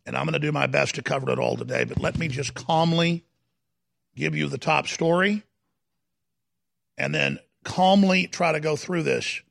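Guy hosting a talk show in a studio, fired up political rant, super gravelly raspy voice, hammers every point, dry close sound. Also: on the high side, no room sound. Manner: emphatic, dramatic, swings from slow deliberate stresses to shouting. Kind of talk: heated political commentary. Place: broadcast studio.

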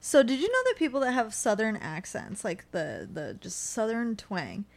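A woman's voice: fairly high pitch, wildly swooping pitch, moderate pace, gravelly. Blunt, sarcastic young woman co-host. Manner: blunt, sarcastic, swears freely. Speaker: podcast co-host. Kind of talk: casual chat.

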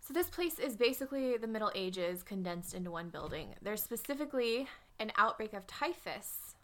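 A woman's voice: mid-range voice, animated, normal speed, fairly bright tone. A young woman co-hosting a casual book podcast, chatty and wry, with frequent fillers and asides. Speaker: podcast co-host.

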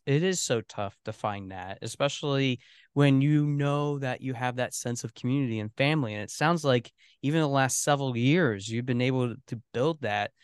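Earnest male podcast host, smooth voice. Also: medium pitch, no echo, studio quality. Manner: earnest, long rambling questions. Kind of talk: interview podcast.

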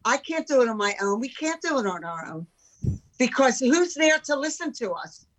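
A woman in her sixties, an entrepreneur guest in casual chat, talking in an animated, emphatic way with many rhetorical questions. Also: high voice, moderate pace, rough recording.

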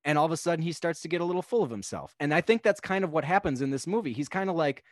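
A young man on a podcast, casually talking through a film in a rambling, animated way. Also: on the high side, very fast, few pauses, dry recording, studio quality. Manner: rambling, animated, acts out characters' lines. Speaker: podcast guest.

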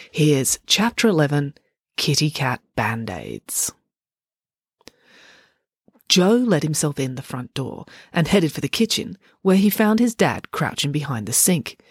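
Woman reading a kids story, lots of ups and downs, lowish voice, dry close mic. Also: husky, no room sound. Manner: expressive, animated storytelling. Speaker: audiobook narrator.

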